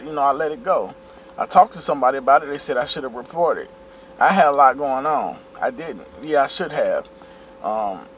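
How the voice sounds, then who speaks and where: A man vlogging, casually retelling an incident to camera in an animated way, sometimes acting out his own raised outbursts. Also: mid-range voice, slight background noise.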